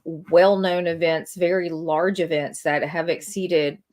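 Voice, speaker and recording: A woman's voice: fairly low pitch, steady tone, slow pace, a little mellow. A woman hosting a casual chat show, talking in a rambling, self-deprecating way. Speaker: host.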